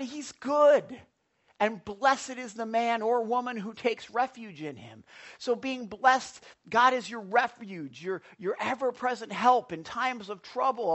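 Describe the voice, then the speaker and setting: A man preaching a sermon in a broadcast Bible teaching, excitable, jumping from loud exclamations to hushed asides. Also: extremely high pitch.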